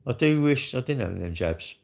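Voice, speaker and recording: This man hosts a casual livestream and keeps up a loose, joking banter with his viewers. His voice has a gravelly texture, and his pitch swings up and down a lot as he rambles from one thought to the next. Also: animated, moderate pace, darkish tone. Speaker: livestream host.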